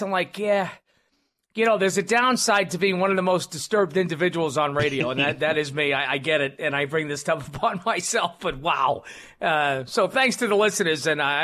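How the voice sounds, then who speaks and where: A talk radio host with a high, bright voice, rambling through his monologue with plenty of fillers and false starts. He pokes fun at himself as he talks into a studio microphone. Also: fairly quick. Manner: rambling, self-deprecating, many fillers and restarts.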